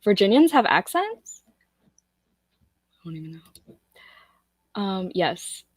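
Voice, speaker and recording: A woman's voice: mid-range voice, very animated, takes it slowly, slightly rough, no echo, studio quality. A young American woman hosting a live book-club stream, laughing often and greeting viewers from the chat. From United States. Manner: giggly, reads out chat comments. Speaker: host.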